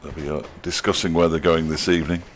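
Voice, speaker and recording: A man's voice: very deep voice, little pitch movement, fast talker, a little hiss or hum. A middle-aged man giving ball-by-ball cricket commentary, with dry, wry asides between deliveries.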